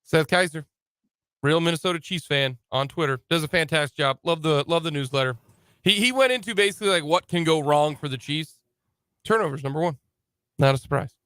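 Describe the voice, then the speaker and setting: Male sports radio host, high bright voice, dry studio sound, teasing and jokey. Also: fairly quick, smooth, dry recording. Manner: joking, teasing, laughs often. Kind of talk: casual sports radio banter.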